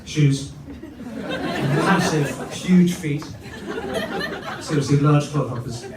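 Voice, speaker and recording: A man performs stand-up comedy in a pompous, mock-posh manner. He is picked up from a distance in an echoey club. Audience noise is clearly heard behind him. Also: on the high side, drawn-out words, a crowd in the background. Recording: roomy live venue from afar with audience noise.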